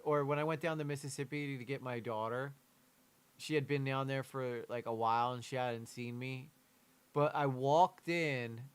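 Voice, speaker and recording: A young male streamer with a smooth, mid-range voice gives livestream reaction commentary on a true crime video. He speaks candidly and emotionally about his daughter and swears casually.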